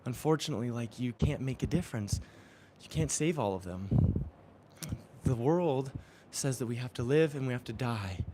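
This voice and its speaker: A man voicing a gentle old grandfather, speaking tenderly and consolingly in a parable. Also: medium pitch, animated, moderate pace, noisy background, natural voice.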